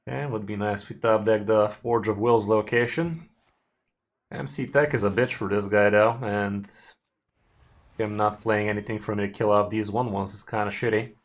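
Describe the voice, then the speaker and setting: A man's voice: lowish voice, fairly even intonation, moderate pace. A man streaming a card game, giving casual commentary and chatting loosely with his viewers, with some mild swearing.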